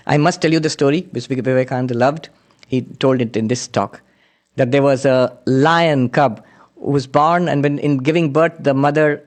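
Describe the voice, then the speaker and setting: A man delivers a spiritual lecture in an earnest, storytelling manner, his voice sitting a little high for a man. He moves between teaching, anecdotes and slow chanted Sanskrit verses. Plain, unhurried lecture delivery.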